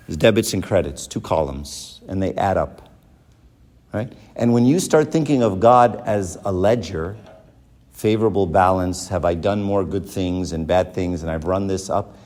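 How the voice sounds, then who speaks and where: A man, a professor teaching a church class, lecturing in an animated way and checking in with his listeners often. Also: sits low. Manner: animated, keeps checking in with "right?". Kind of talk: lecture with rhetorical questions.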